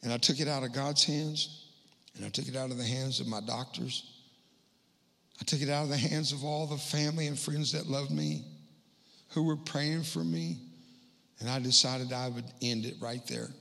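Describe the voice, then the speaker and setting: A middle-aged man giving a humorous spoken testimony as a guest speaker in a church, landing quick self-mocking punchlines. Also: mid-range voice, steady tone, creaky, pushed and bright. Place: church hall. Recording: long hall reverb.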